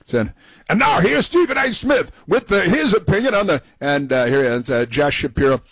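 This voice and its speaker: A man's voice: high-pitched, expressive, normal speed, fairly bright tone, husky, dry recording, rough recording. A middle-aged man hosting a talk radio show, delivering opinionated commentary with scornful, sarcastic asides.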